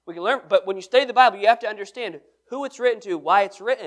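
A man's voice: high voice, rapid-fire, hardly any pauses, fairly bright tone. A man leading a Bible study sermon, reading scripture aloud and explaining it with questions to the room. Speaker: pastor.

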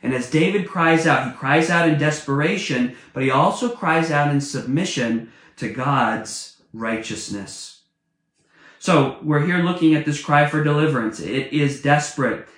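A man's voice: fairly high pitch, measured pace, a bit bright. A man preaching a sermon, earnest and emphatic, repeating key phrases for stress. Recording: echoey room.

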